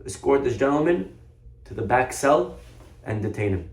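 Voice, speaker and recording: A man voicing a calm, stern old-time male rabbi who speaks dryly. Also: mid-range voice, normal speed, roomy sound, lightly acted.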